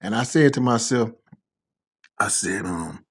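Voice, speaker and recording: A man's voice: on the low side, unhurried, breathy edge. A young man telling casual, slang-heavy stories with a lot of swearing. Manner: animated, swears freely, slangy. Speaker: storyteller. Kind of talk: casual anecdotal storytelling.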